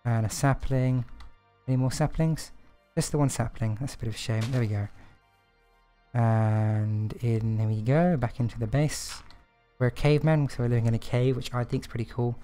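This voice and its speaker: A man's voice: medium pitch, steady tone, normal speed, dark tone, faint music behind. A man streaming a game, chatting to himself and his viewers in a casual, self-deprecating way. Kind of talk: casual gameplay commentary.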